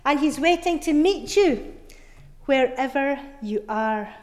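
A middle-aged woman preacher giving an Easter sermon, telling her story earnestly with soft, emphatic repetitions. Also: high voice, expressive, slow pace, long reverb tail. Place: church.

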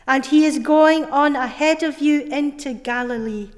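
A middle-aged woman preaches an Easter sermon at an unhurried pace, her voice sitting slightly high. She tells her story earnestly, often sinking soft on repeated words, and a long reverb hangs in the church.

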